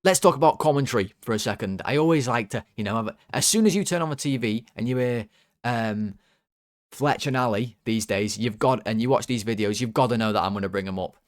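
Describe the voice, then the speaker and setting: Young man, fan channel host, sarcastic rant, mid-pitched voice, dry close sound. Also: fairly quick, no echo. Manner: exasperated, sarcastic, rambling with restarts. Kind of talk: ranting football video commentary.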